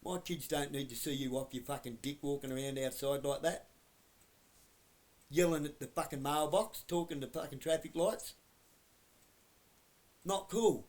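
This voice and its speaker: A man giving a blunt, heavily profane rant to camera that keeps flaring into shouting. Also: a little high, moderate pace. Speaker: vlogger.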